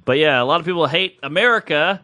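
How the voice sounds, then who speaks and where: A man co-hosting a podcast in casual comic banter, excitable and quick to break into ranting bits. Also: no echo. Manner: excitable, jumps into high-pitched rants. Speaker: podcast co-host. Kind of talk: casual comedic chat.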